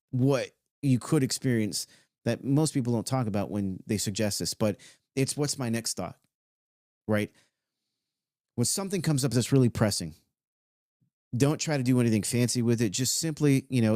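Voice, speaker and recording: A man talks casually about self-help in a mid-range voice, loose and slangy, sometimes drawing words out slowly. The sound is dry and close, with no room around it. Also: medium pitch, darkish tone, no echo. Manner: loose and conversational, with swearing and slow stretched-out phrases. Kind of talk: casual motivational talk.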